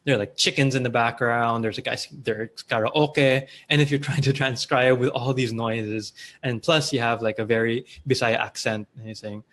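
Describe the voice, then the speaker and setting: A man's voice: mid-range voice, fairly even intonation, moderate pace, few pauses, a bit bright. A man with a Filipino accent hosting a casual live-stream Q&A, reading viewer comments aloud in a loose, chatty way with fillers and restarts. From Philippines. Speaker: host of a live online Q&A.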